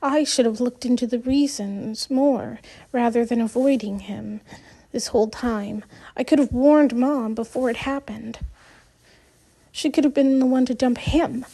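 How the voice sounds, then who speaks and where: Woman doing a steady teenage boy, slow and measured, mellow tone, audiobook character. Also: on the high side. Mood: earnest. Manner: measured, trying to stay calm. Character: teenage son comforting his mother, calm and steady.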